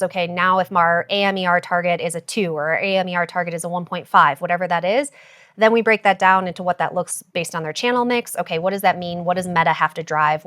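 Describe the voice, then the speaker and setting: A woman guest on a podcast, explaining ad and growth strategy in a brisk, jargon-heavy way with frequent fillers. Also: lowish voice, fairly bright tone. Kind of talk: casual podcast interview.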